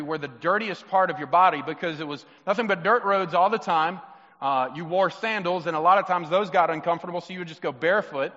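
Bright, fairly high-pitched male pastor delivering a sermon in a church whose long reverb rings after each phrase. He moves between loud, emphatic questions and quiet, hushed reflection, and he acts out the voices he quotes. The recording sounds a little muffled. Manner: acts out quoted voices of Jesus, children and himself. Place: church sanctuary.

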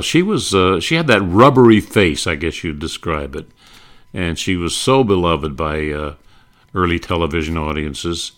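Older man, very low voice, host, nostalgic casual talk, rambling. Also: a bit bright. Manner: rambling, many fillers and restarts.

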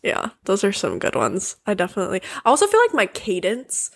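A young woman hosting a casual interview, thoughtful and at ease. She laughs often as she talks, and her voice sits at an ordinary pitch. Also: a little fast, creaky. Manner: relaxed, reflective, laughs often. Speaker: host, former teammate.

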